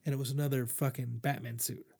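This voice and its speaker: A man's voice: medium pitch, little pitch movement, fast, creaky, a little mellow, husky. A young man in casual chat, hosting a podcast and retelling a comic issue in a rambling, profane way full of fillers. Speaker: podcast host reviewing comics.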